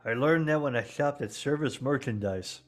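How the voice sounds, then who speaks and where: A man's voice: mid-range voice, moderate pace. A man bantering crudely with friends while watching a movie, swearing and quoting lines for laughs. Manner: profane, jokey, quotes movie lines in silly voices. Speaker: co-host riffing on a movie.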